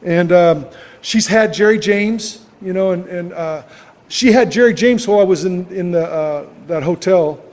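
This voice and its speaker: A man's voice: sits high, unhurried, darkish tone, long reverb tail. An older man telling his personal story to a recovery meeting, plainspoken and rambling, with lots of fillers. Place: club meeting hall.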